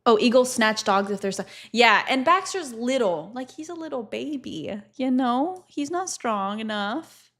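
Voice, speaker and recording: A young woman chats to her stream viewers in a slightly high voice. She tells stories in an animated way and swears freely. Laughter keeps breaking into her talk. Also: a little slow. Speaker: livestreamer. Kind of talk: casual chat storytelling.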